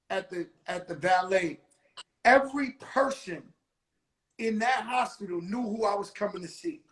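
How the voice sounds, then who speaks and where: A man hosting a casual livestream chat, telling a story in an animated way and swearing freely, heard over a video call. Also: high voice, rough recording.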